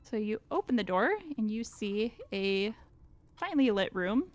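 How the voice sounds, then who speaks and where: A woman's voice: mid-range voice, animated, moderate pace. A woman narrating as game master in a tabletop role-play, hesitant and full of fillers. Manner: hesitant, full of ums, laughing easily.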